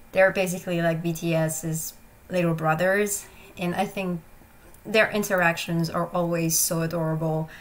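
A woman's voice: lowish voice, a little hiss or hum, rough recording. A woman hosting a reaction video, talking casually with hesitant ums and gushing, emotional remarks.

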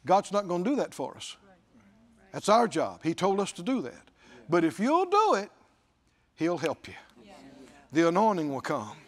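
A male pastor delivers a sermon with a notably high voice that swoops up and down with lively expression. He talks emphatically, repeats phrases for weight and quotes scripture often. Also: moderate pace, pauses often.

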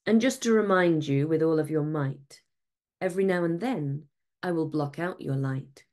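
A woman voicing a small, kind and brave female Moon in a storybook reading, speaking in a sweet, gentle voice. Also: sits low, normal speed, lightly acted. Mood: gentle firmness. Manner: sweet, gentle, soft-spoken. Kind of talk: storybook read-aloud.

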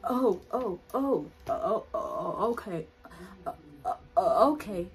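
A woman voicing a creepy grown man at a gas station, stammering low, quiet pickup lines. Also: animated, measured pace, close to an everyday voice. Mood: flustered. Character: creepy adult man hitting on a girl.

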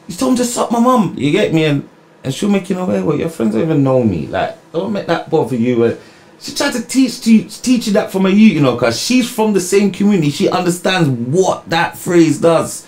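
A man's voice: high voice, sing-song, normal speed, a little mellow. A man, co-hosting a podcast, talking earnestly in casual banter. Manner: earnest, calls the other "brother". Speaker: podcast co-host.

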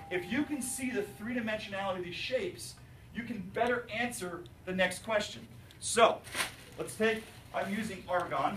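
A male chemistry teacher lecturing his class, animated and jokey, asking students questions. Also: sits high, background noise. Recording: roomy, distant classroom recording.

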